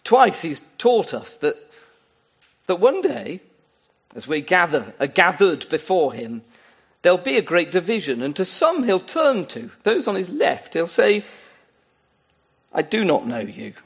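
A man's voice: high voice, sing-song, unhurried, breathy edge, muffled recording. A man preaching a sermon in an earnest, pleading way, addressing his listeners directly. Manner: earnest, pleading, with many asides.

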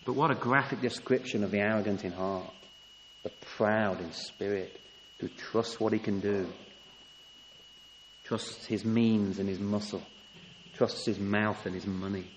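A man's voice: lowish voice, fairly even intonation, a little slow, long pauses, slight background noise. A man preaching a sermon, emphatic, often rising to a raised voice on key points. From England. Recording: long hall reverb, faint ambience.

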